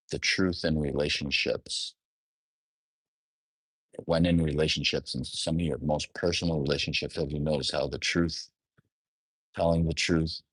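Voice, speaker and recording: A man with a bass voice, a fairly bright tone, and a breathy edge talks alone as an astrologer, unscripted. He muses, rephrases, trails off mid-thought, and asks the listener reflective questions, and the recording has no room sound.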